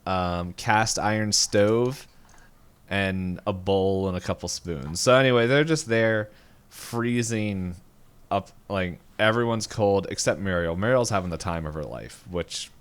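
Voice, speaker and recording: A man with a fairly low, smooth voice recaps a cartoon episode for a podcast. He rambles casually and pops into short voiced lines from the characters as he goes. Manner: rambling, animated retelling with quick voiced quotes. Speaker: podcast co-host.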